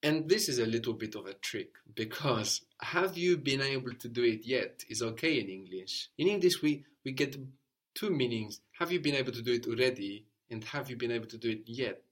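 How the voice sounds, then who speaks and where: A man's voice: mid-range voice, lively intonation, brisk. Male tutor, patient and encouraging, guides a learner through drills. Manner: patient, encouraging, spells words out. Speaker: language teacher. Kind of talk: guided language lesson.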